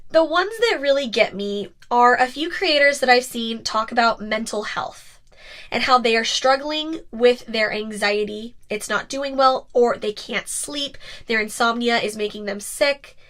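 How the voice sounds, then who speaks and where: A woman's voice: a little high, a little slow, a bit bright. A young woman hosting a podcast, talking candidly and expressively in a casual monologue, sometimes teasing. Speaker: podcast host and ASMR creator.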